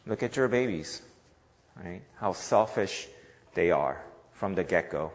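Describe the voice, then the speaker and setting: A man's voice: deep voice, lively intonation, a little slow, big-room sound, background noise. A man preaching a sermon in a conversational way, often checking in with "right?". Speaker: pastor.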